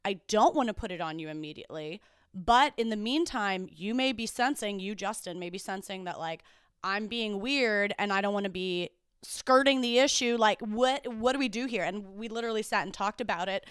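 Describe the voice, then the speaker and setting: Smooth-voiced woman co-hosting a chat podcast. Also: mid-range voice, normal speed, a bit bright, no echo, clean studio sound. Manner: reflective, thinks aloud with many fillers. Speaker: podcast co-host. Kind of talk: casual chat.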